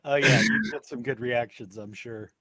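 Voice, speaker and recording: A man co-hosting a podcast, giving a measured, soft-spoken opinion in casual chat. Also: medium pitch, fairly even intonation, no echo. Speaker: podcast co-host.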